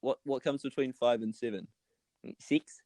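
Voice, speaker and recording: A man's voice: mid-range voice, normal speed, warm tone, no room sound. A young man with a New Zealand accent telling jokey stories in casual podcast chat. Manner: wry, joking storyteller. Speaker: podcast co-host.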